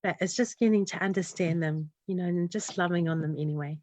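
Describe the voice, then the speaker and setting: A woman's voice: lowish voice, fairly quick, darkish tone, no echo. A woman, a community developer talking in an earnest, heartfelt way in an interview. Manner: earnest, heartfelt, rambling run-on thoughts. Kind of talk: casual interview chat.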